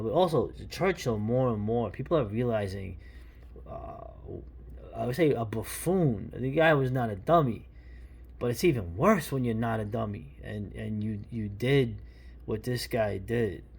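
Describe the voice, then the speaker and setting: A man's voice: on the low side, gravelly, darkish tone, breathy edge. A man in his fifties from New York, giving casual, rambling and opinionated commentary while paging through an old comic. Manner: rambling, opinionated, many restarts and asides. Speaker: comic book reviewer.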